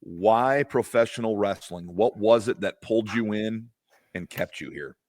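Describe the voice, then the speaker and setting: A man's voice: on the low side, measured pace, a little mellow. A man co-hosting a podcast, asking a guest friendly, open questions. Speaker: podcast co-host. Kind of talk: casual interview hosting.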